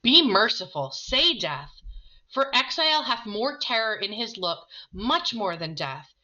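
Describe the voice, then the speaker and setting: A desperate banished young lover crying out in anguish, as a woman reads him aloud in a bright, forceful voice. It is heard on dull, lo-fi audio. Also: on the high side, big pitch swings, a little slow, voice pushed up, heavily acted. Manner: impassioned, anguished declaiming.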